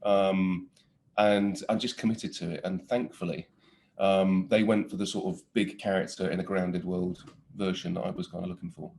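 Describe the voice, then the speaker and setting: A man in his forties, an actor telling stories in a casual interview, animated and laughing often with many restarts. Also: deep voice, normal speed, gravelly, a little hiss or hum. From Britain.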